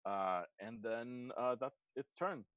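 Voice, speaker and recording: A man's voice: medium pitch, takes it slowly, clear, resonant tone, no room sound, phone-quality sound. Man narrating a tabletop game. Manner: relaxed, filler-heavy narration. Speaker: game master.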